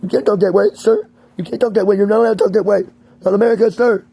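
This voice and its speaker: A man mimicking a stern hospital staffer, nagging over and over in a loud, high voice. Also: steady tone, very fast, gravelly, husky, no echo, exaggerated voice. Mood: scolding.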